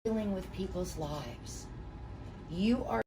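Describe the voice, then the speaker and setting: Middle-aged lady teaching a class, chatty and folksy, lowish voice, mic sits far off with noise behind her. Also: expressive, slow. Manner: folksy, anecdotal, chatty storytelling. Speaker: real estate trainer. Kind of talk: classroom training talk. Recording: distant mic with room noise.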